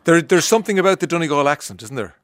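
A man hosts a radio interview in a jovial, teasing way. He often says his phrases twice. His voice sits rather high for a man. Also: lively intonation, racing, dry recording. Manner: jovial and teasing, repeats himself. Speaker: radio host.

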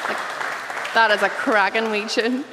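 Northern Irish comedienne, punchy set in a reverberant venue. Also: female voice, on the high side, measured pace, a crowd in the background, noisy background. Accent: Northern Irish (Derry). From Northern Ireland. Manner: lively, punchy joke delivery. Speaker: comedian guest.

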